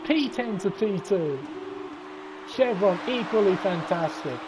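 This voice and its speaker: A man with a high voice commentates a sim-racing league race, excitable and sleepy, cursing and laughing. Loud engine noise from the racing game runs behind his voice. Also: measured pace. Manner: excitable, swears, breaks into laughs. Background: racing game car sounds.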